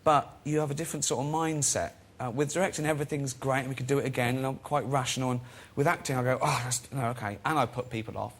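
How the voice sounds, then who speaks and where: A man's voice: mid-range voice, steady tone, fast talker, hardly any pauses. A man, a chat show guest telling self-deprecating anecdotes in a casual, chatty way and laughing often.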